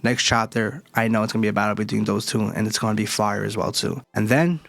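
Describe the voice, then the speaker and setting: Excitable man reviewing anime, dry sound. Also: lowish voice, fast talker, creaky, no room sound. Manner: excitable, slangy, hype outbursts. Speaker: anime reviewer, channel host. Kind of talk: casual manga chapter review.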